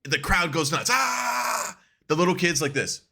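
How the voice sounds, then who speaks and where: Young male co-host, bright voice, animated ranter, loose and profane. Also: fairly high pitch, fairly quick. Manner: animated ranting, swears a lot, laughs often. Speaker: podcast co-host. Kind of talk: casual chat.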